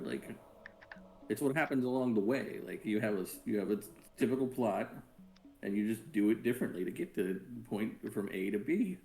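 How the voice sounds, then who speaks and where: A man's voice: fairly low pitch, gravelly, darkish tone. A man co-hosting a podcast in casual chat, swearing freely and rambling. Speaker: podcast co-host.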